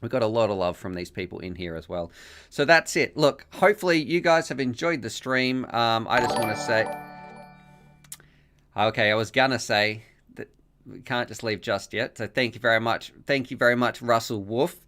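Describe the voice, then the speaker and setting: A man's voice: mid-range voice, moderate pace, fairly bright tone, faint music behind. A man hosting a live stream, rambling and thankful, laughing often as he reads donations and messages aloud. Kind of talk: casual live-stream chat reading donations.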